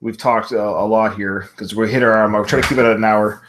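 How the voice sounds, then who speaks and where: A man's voice: on the low side, fairly even intonation, a little fast, background noise. A man hosting a live podcast from home, casually recapping film scenes play by play. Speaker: podcast host.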